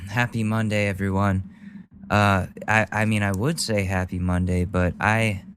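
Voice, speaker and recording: A man's voice: lowish voice, fairly even intonation, unhurried, fairly bright tone, a little hiss or hum. A man hosting a news podcast, ranting angrily and bluntly with lots of swearing. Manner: angry, profane, blunt. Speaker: podcast host. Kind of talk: angry political rant.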